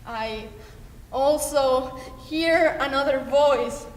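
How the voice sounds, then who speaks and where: A teenage girl performing a solo dramatic monologue with intense, halting, emotional delivery, in an echoey hall. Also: high voice. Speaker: student performer. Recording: echoey hall, faint ambience.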